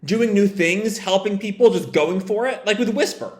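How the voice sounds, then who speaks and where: A man voicing a bold, thrill-loving young female lemur hero from a comic, reading her lines excitedly and shouting them out. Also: sits high, moderate pace, pitched above the performer's own voice, close to an everyday voice.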